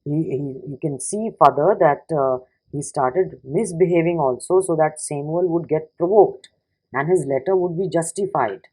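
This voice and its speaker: A woman teacher, reading a story and then going over each passage for her students. Her voice is low and husky. She often stops to ask the class a question and then answers it herself. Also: normal speed, mellow, low-quality recording.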